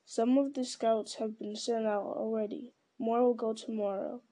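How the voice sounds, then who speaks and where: A woman's voice: a little high, fairly even intonation, normal speed, mellow, close to an everyday voice. A woman reading a stern old wizard.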